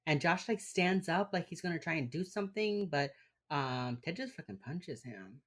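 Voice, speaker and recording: A woman with a Miami Cuban-American accent and a very deep voice co-hosts a podcast in loose, casual chat. She talks in a laid-back way, with lots of fillers and swearing. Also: expressive, moderate pace, fairly bright tone. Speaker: podcast co-host. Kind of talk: casual chat recapping an episode.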